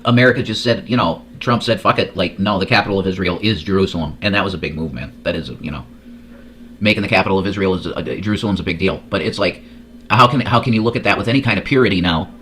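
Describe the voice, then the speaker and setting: A man's voice: low-pitched, fast talker, fairly bright tone, slight background noise. Profane, rambling male reaction host. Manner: crude, profane, rambling with repeated words. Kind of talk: casual reaction commentary.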